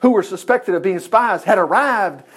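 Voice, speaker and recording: A man with a high-pitched voice preaches an informal sermon, retelling Bible stories in a chatty, lively way. He drops in joking asides and acts out the quoted lines as he goes. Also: moderate pace.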